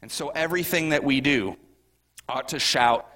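A man's voice: medium pitch, moderate pace, bright, forceful tone, long reverb tail. A middle-aged man, a pastor, preaching a sermon in a conversational way, often asking the congregation questions.

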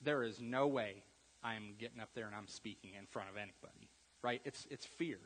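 A man preaching a conversational sermon, repeating words and swinging from quiet asides to loud emphasis. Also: fairly low pitch, fairly quick, breathy edge. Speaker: pastor. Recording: long reverb of a church hall.

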